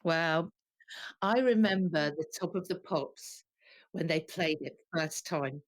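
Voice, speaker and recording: A woman guest singer telling lively, animated anecdotes in an interview, acting out the quotes. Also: deep voice, slow, no echo. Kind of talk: storytelling interview.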